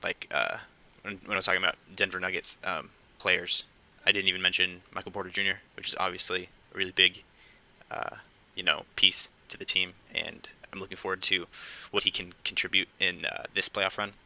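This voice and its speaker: A young man hosting his own casual podcast, talking quietly and hesitantly at home late at night, with many fillers. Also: sits low, level tone, a little fast, poor audio. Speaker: podcast host. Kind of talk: casual solo podcast talk.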